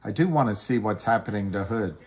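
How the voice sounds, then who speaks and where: On the low side and a little mellow, this middle-aged man's voice has lively intonation and a fairly quick pace. Hosting a casual stocks livestream, he rambles, puts himself down good-naturedly, and works through trades while fielding viewer comments.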